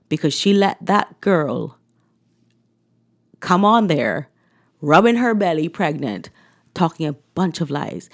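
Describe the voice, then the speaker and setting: A woman's voice: mid-range voice, vocal fry. A woman giving blunt, sarcastic opinion commentary in a casual chat style. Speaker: commentary vlogger.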